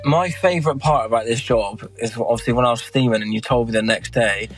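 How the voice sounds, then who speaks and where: A man's voice: medium pitch, fairly quick, soft background music, poor audio. A young man, a podcast guest, chatting in a laid-back way with swearing and chuckles. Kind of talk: casual storytelling chat.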